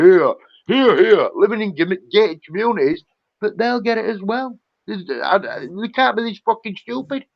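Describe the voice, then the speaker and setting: A man's voice: high voice, no room sound. Angry ranting man, raised voice. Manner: angry, profane, repetitive ranting. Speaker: livestream host. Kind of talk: heated livestream rant. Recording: dull lo-fi dry sound.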